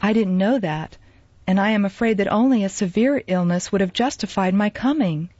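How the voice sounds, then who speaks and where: A woman's voice: medium pitch, moderate pace, no echo, lightly acted. Woman reading as timid, remorseful young woman. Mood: gentle. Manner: soft, kindly, hasty when pressed. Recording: dull lo-fi dry recording.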